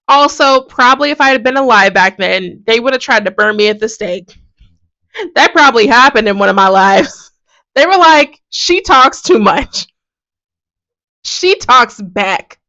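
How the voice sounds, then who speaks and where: A woman hosting a video, giving casual, animated commentary on ancient texts with a sarcastic edge and frequent laughs. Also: high voice, highs cut off. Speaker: video host.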